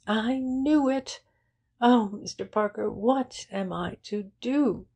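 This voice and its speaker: A woman's voice: a little high, takes it slowly, warm tone, pitched above the performer's own voice. A woman voicing a distraught young aristocratic woman who pleads in breathless outbursts. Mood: frantic.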